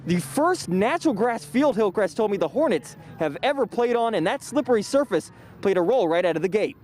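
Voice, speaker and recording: Upbeat young male sports reporter, high voice. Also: sing-song, fairly quick, darkish tone, a little hiss or hum. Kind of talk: broadcast news reporting.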